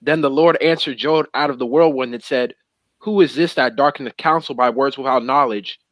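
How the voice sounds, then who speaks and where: A man's voice: medium pitch, fairly quick, fairly bright tone, dry recording, poor audio. A young man in casual religious discussion who reads long scripture passages aloud in slangy everyday talk. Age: young adult. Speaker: co-host of religious talk show.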